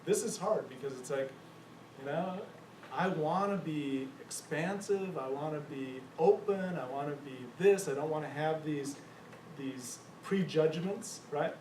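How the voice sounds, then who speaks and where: A man leading a church discussion group, thoughtful and searching, with many pauses and fillers. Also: fairly high pitch, darkish tone, slight background noise. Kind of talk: church adult forum discussion. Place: church meeting room. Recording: echoey room mic from far off.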